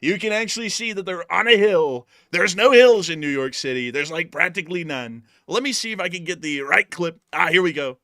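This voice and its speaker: A man hosts a casual comedy chat, rambling and joking. His voice is bright and forward, with a dry, close sound. He keeps jumping from one loose joke to the next. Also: high voice, lively intonation, a little fast, hardly any pauses, no echo. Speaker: host.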